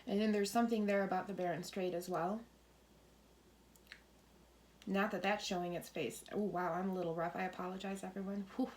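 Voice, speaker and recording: A middle-aged woman giving a tarot and coffee-ground reading, rambling, cursing now and then, and slipping into soft whispers. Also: medium pitch, steady tone, fairly quick, pauses often. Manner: swears freely when relaying messages. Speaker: tarot reader.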